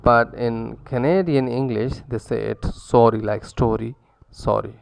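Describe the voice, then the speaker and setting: A man giving a recorded lecture, halting with many fillers and self-corrections, repeating words aloud to show how they are pronounced. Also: medium pitch, vocal fry, clear, resonant tone. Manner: repeats words to demonstrate pronunciations. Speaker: university lecturer.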